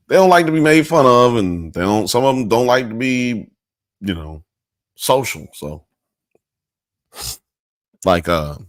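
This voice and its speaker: Laid-back, slangy man with a low voice. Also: no echo, clean studio sound. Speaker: podcast host. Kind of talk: casual live-show chat.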